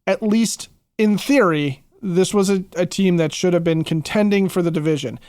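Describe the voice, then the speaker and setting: High-voiced rambling sports podcast co-host. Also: male voice, moderate pace, a little mellow, clean tone, no echo. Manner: rambling, reflective, lots of restarts. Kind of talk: casual sports podcast chat.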